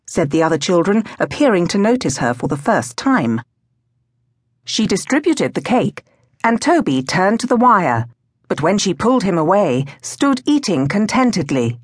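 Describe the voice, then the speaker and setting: A woman reading a novel aloud as an audiobook narrator, in a measured way. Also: fairly low pitch, very animated, husky, no echo, clean studio sound. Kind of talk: scripted narration.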